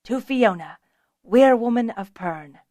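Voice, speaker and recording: A woman reading a genial, teasing male craftsman in a fantasy audiobook, pleasant and gently coaxing. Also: sits high, moderate pace, no room sound, studio quality. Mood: jovial.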